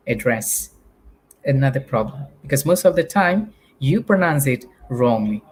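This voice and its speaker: A man's voice: mid-range voice, slight background noise. A Malaysian man teaching a live online English lesson, patiently drilling spelling and pronunciation for primary pupils.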